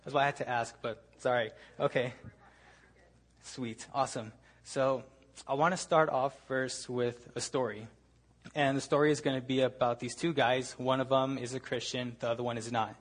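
A young man giving a casual storytelling talk to a gathering, relaxed and chatty, leaning on filler words. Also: medium pitch, normal speed. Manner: relaxed, chatty, leans on "like" and "ended up". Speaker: speaker at a gathering.

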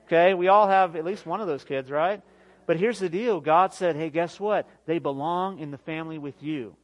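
A man in his thirties preaching a sermon as pastor, emphatic, swinging from near shouts to quiet, often asking "guess what". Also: fairly high pitch, brisk. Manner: emphatic preaching, rising to near shouts then dropping soft; repeats "guess what" and laughs at his own jokes.

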